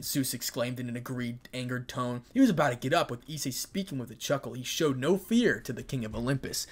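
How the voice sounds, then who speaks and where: A man reading a fan story aloud in a plain, even way, with small slips. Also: mid-range voice, brisk.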